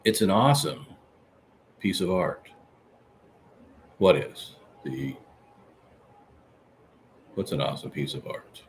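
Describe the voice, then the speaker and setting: A man's voice: takes it slowly, pauses often, slight background noise. A man hosting a live-stream podcast, chatting casually and rambling as he reads out viewer comments. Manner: chatty, rambling, animated swings in pitch. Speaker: livestream podcast host.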